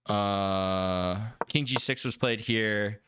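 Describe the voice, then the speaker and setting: A man streaming a chess game review, excitable and quick to exclaim and laugh as he talks to his viewers. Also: fairly low pitch, background noise.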